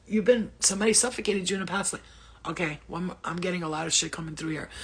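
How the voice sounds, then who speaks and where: A woman's voice: fairly low pitch, slightly rough. A woman hosting a psychic live stream from home, rambling and blunt with frequent swearing, her throat dry. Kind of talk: casual live-stream reading.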